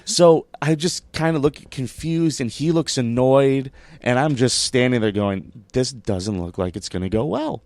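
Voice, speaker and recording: A man telling a story as a comedian guest on a casual podcast, animated and swearing, acting out the quotes as he goes. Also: medium pitch, unhurried, dry recording.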